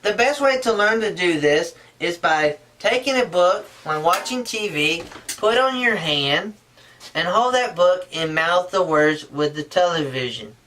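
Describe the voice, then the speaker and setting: A man's voice: high-pitched, expressive, a little slow, sharp tone, recorded from a distance. A man giving a casual how-to tutorial, talking in an earnest, rambling way and often restarting his sentences. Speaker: puppetry instructor.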